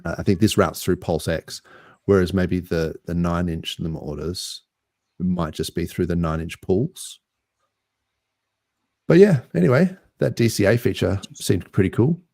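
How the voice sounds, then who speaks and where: A man with an Australian accent co-hosting a casual podcast chat, relaxed and rambling with easy laughs. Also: low-pitched, measured pace, gravelly, no echo, studio quality. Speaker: podcast co-host.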